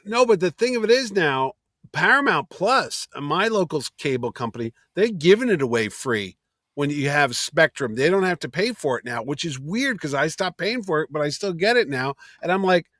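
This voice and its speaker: A man in a casual chat who is blunt and skeptical and throws in wisecracks. His voice sits somewhat high, and the recording is dry. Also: big pitch swings, normal speed, a bit bright, no room sound. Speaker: podcast co-host.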